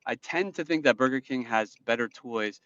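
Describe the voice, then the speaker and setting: A man with a New Jersey accent rambles through a casual live stream from behind the wheel, picking up viewer comments as he goes. His voice is smooth and resonant. It is recorded on a phone in a dashboard stand, so the sound is dull, lo-fi and dry inside the car. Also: medium pitch, normal speed, fairly bright tone, no room sound. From New Jersey, USA. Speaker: livestream host. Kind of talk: casual live-stream chat while driving. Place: inside a car while driving.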